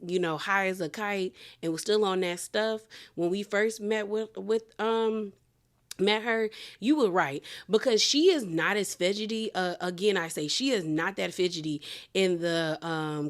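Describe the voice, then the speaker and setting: A woman hosting a casual reality TV review, telling it in a chatty, colloquial, animated way full of slang. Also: mid-range voice. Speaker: reality TV recap host.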